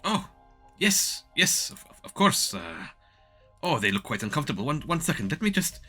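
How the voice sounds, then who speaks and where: A gentle young shopkeeper with a soft, fussing politeness, as a man plays him. The voice is bright and moves a lot in pitch. Faint music plays under the tabletop game session. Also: very animated, normal speed, heavily acted. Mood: flustered.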